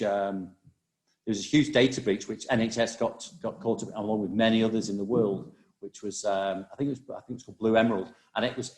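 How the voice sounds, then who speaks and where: A man presenting a webinar over a video call, talking quickly with many restarts and fillers. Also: fairly low pitch, reverberant. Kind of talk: live webinar talk on cybersecurity.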